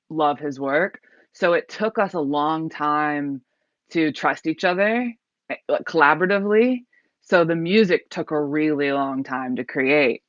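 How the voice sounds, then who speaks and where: A singer-songwriter telling a story in an interview, rambling along with lots of "like" and restarted thoughts. The voice sits at a middle pitch and sounds dry and close. The recording is muffled and lo-fi. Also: a bit bright, no room sound. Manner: rambling, full of likes and restarts. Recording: dull lo-fi recording.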